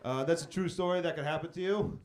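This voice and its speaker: A young man doing a live stand-up set, telling a profane story and acting out quick quotes. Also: a little high. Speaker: stand-up comedian. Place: comedy club stage.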